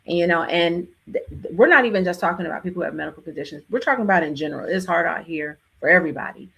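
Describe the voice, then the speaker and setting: A woman hosting a casual live Q&A, talking warmly and affectionately to her viewers. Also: lowish voice, racing, vocal fry, husky. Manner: affectionate, repeats loving farewells. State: tearful near the end. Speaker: livestream host.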